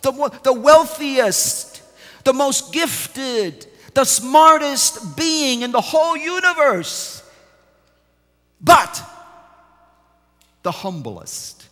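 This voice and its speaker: Male pastor with a high voice, preaching from a reverberant sanctuary, moving from quiet to forceful. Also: sing-song, extremely slow, pauses often. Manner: preaching with sweeping swings from hushed to emphatic. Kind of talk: sermon. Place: large church sanctuary. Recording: long church reverb.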